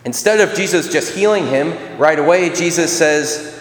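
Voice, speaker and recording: A man's voice: a little high, moderate pace. A man preaching a sermon in a casual, conversational way, acting out the voices of people in the story. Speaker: priest. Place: church. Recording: echoey church with long reverb.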